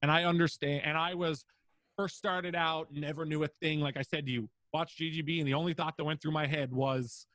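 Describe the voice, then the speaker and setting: A man's voice: on the high side, fairly even intonation, fairly quick, a bit bright, no echo. A young man, a streamer guest on a podcast interview, talking casually with lots of fillers and free swearing. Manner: rambling, filler-heavy, swears freely.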